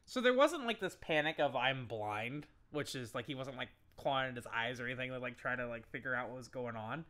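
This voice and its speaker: A player in a tabletop game excitedly describing their character's actions, with plenty of laughs and loose, casual phrasing. The voice is bright and clear. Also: medium pitch, fast talker. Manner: animated, laughing storytelling.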